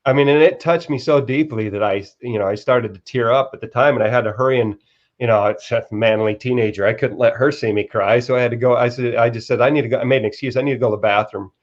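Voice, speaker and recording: A man of middle pitch tells a personal story as a guest on a live-stream interview. He speaks earnestly and often stumbles and restarts his phrases. The sound is dull and lo-fi, like a remote call. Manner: earnest, halting with repeated restarts. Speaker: guest author.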